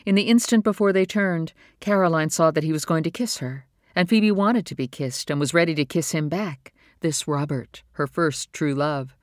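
Calm, measured audiobook narrator. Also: mid-range voice, no room sound, clean studio sound.

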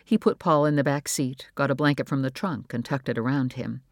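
A man reading a novel aloud in a measured, even storytelling voice. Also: medium pitch, dry recording, clean studio sound. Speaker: audiobook narrator. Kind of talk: scripted narration.

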